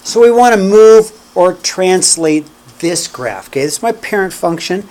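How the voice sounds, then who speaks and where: A man with a high, expressive voice lectures a math class at a moderate pace, counting points aloud as he graphs and checking in with "okay?" and "right?". His tone is slightly mellow, with a faint hiss or hum in the recording.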